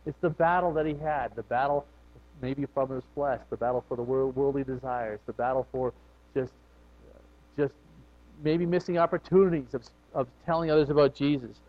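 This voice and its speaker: A man preaching a conversational sermon, his voice rising and falling in loudness and pitch as he speaks. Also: fairly even intonation, moderate pace. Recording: dull lo-fi recording.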